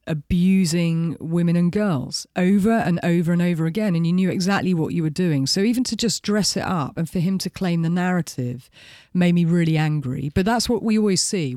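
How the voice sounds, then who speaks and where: A man's voice: high voice, dry recording, clean studio sound. A man co-hosting a casual podcast, animatedly retelling events from a documentary and acting out the quotes. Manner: animated storyteller, acts out quotes. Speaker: podcast co-host. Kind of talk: casual chat recounting a documentary.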